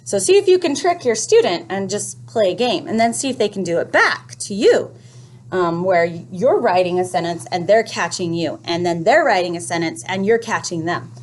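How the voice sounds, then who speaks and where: A woman's voice: mid-range voice, lively intonation, normal speed. Patient woman teaching first grade. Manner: clear, patient, explains step by step. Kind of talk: recorded lesson for parents.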